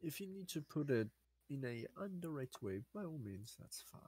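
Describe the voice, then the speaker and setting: A tabletop player who speaks in a measured, wry way. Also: mid-range voice, very animated, a little mellow, breathy edge, no echo. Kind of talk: casual tabletop play.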